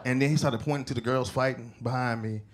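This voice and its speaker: A man doing a stand-up set on a club stage, telling stories with animated acted-out voices into a handheld mic. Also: mid-range voice, quick pace. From Chicago. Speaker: stand-up comedian. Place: comedy club stage before a live audience. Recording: live club recording with crowd and noise. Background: audience laughter.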